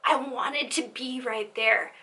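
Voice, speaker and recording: A woman's voice: sits high, takes it slowly, gravelly, pushed and bright, poor audio. A young woman telling a rambling, giggly storytime vlog with side tangents. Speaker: vlogger.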